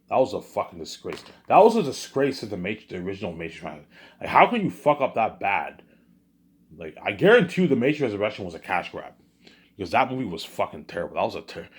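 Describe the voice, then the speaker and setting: A man speaks very low, with a husky, rough edge to his voice. He rambles through a casual vlog monologue, repeating words and restarting sentences as he goes. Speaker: vlogger.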